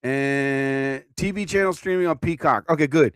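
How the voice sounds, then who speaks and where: A man's voice: on the high side, normal speed, a bit bright, clear, resonant tone, dry recording, clean studio sound. A middle-aged man hosting a casual live stream, rambling, cursing and laughing at his own jokes.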